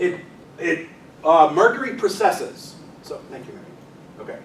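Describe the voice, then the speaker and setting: Speaking at normal speed, a man with a slightly high, animated voice jokes with his audience while guiding helpers through a demonstration. The physics teacher is giving a chatty, informal astronomy talk to a club in a meeting room. It's recorded from afar in an echoey space with faint noise.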